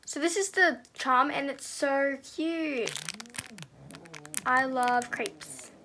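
A teenage girl reviewing squishy toys in a casual, gushing way, sometimes dropping to a soft murmur. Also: high voice, sing-song, extremely slow, slight background noise. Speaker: squishy haul vlogger.

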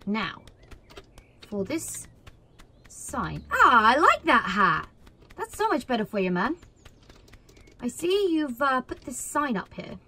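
A woman commentating her own gameplay in an excitable way, cheering, shouting and laughing at the screen. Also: a little high, slow pace, long pauses, slightly rough. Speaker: gaming video creator. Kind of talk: let's play commentary.

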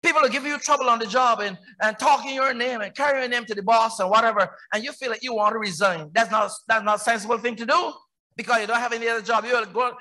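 Barbadian male pastor, very high and bright voice, emphatic sermon with rhetorical questions that build to shouts. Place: church.

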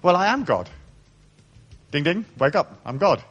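A man's voice: a little high, very animated, measured pace, fairly bright tone, breathy edge, dull audio. A man giving a live spiritual lecture, irreverent, joking and profane. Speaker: spiritual speaker.

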